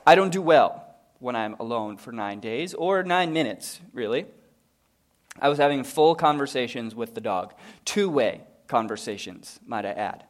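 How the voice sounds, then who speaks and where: A man, a pastor and father, preaching a sermon at a live church service. He tells stories, rising to loud, emphatic peaks and dropping to hushed, quiet passages before leading a prayer. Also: mid-range voice, lively intonation, normal speed. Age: adult, father of a young daughter.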